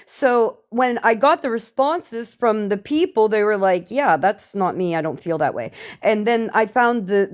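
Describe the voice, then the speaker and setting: A woman on a livestream, ranting in a profane and exasperated way about a falling-out. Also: on the high side. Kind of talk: angry livestream rant.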